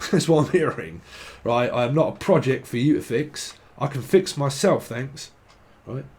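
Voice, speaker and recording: A man's voice: medium pitch, lively intonation, measured pace, darkish tone. A man giving a casual tarot reading, rambling and swearing, laughing often and mimicking imagined people. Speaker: tarot reader.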